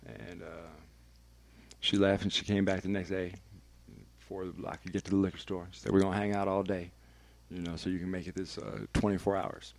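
A man with a low, gravelly voice tells a personal story in a candid, confessional way. He speaks as a radio personality would, emphatic and blunt, swearing freely. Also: level tone, brisk.

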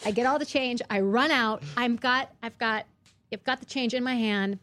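A woman chatting casually as a co-host, an animated storyteller whose voice jumps high when she retells arguments. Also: normal speed, no room sound. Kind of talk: casual chat.

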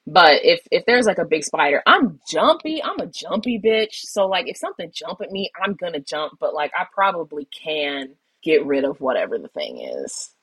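Low husky woman chatting on a podcast, dry close sound, laughs a lot. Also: sing-song, moderate pace, hardly any pauses, fairly bright tone, no echo, poor audio. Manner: chatty, laughs often, rambling asides. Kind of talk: casual chat.

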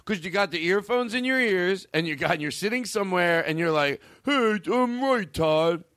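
A man's voice: sits high, a little fast, sharp tone, dry recording, clean studio sound. A man hosting a comedy podcast, chatting casually and rambling through self-corrections. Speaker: podcast host.

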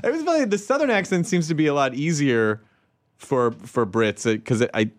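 A man's voice: mid-range voice, normal speed, dry recording, clean studio sound. A man from the American South hosting a talk show, chatting playfully and teasing his guests. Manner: playful, teasing, laughs often. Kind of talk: casual chat.

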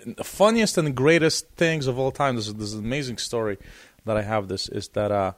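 A man with a mid-range voice talks as a guest guitarist in a casual interview. He tells his story with animated energy, stumbling over and repeating words as he goes. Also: medium pitch, fairly quick.

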